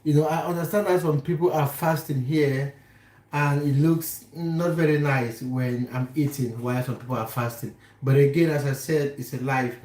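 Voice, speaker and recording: A man's voice: fairly high pitch, steady tone, normal speed, a little mellow. Chatty man live-streaming from his kitchen. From Cameroon. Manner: chatty, teasing, answering viewers by name. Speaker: livestream host. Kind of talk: casual live chat reading viewer comments. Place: home kitchen. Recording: echoey kitchen room.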